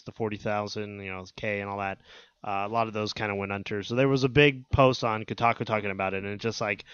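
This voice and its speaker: A man's voice: on the low side, a bit bright, clean tone, no room sound, muffled recording. A man co-hosting a casual gaming podcast, chatting loosely and listing things off. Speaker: podcast co-host.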